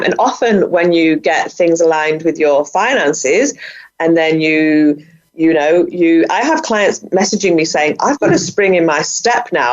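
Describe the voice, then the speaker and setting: Middle-aged female guest, enthusiastic and chatty, low-pitched, dull call audio. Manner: enthusiastic, chatty, laughs often. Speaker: guest, budgeting coach. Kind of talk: casual interview talk. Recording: muffled, lo-fi sound.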